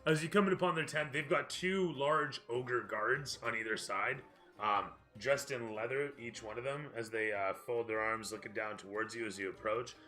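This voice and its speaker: A man runs a tabletop game as dungeon master, narrating casually with plenty of fillers. His voice is bright, and faint music plays behind. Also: medium pitch, moderate pace.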